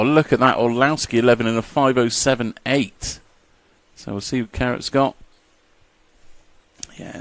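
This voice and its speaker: A man commentating a live model car race, chatty and jokey, reading out lap times. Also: medium pitch.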